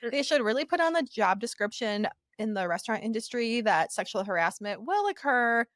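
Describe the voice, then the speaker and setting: A woman's voice: a little high, very animated, fairly bright tone, dry recording. Woman, podcast co-host, casual chat, playful, laughs easily, dry close sound. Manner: quick laughs, upbeat and playful.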